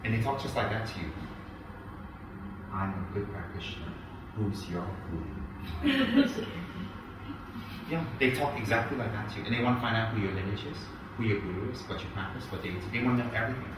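A man giving a Buddhist dharma talk, animated, mimicking people and rising into loud indignation. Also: fairly low pitch, rapid-fire, few pauses. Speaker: Buddhist teacher. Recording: echoey hall, picked up from a distance, with background noise.

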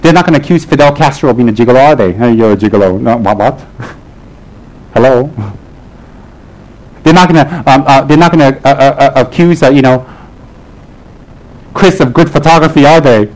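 A man giving a lively, joking Buddhist talk to a live audience, driving points home with repeated punchy lines. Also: mid-range voice, normal speed, long pauses, poor audio. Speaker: Buddhist lama teaching his group.

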